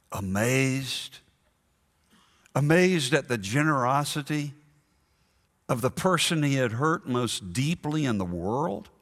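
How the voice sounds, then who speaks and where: A man preaching a sermon in a church, slow and earnest, stressing his points through repetition. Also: medium pitch, fairly bright tone, long reverb tail. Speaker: pastor.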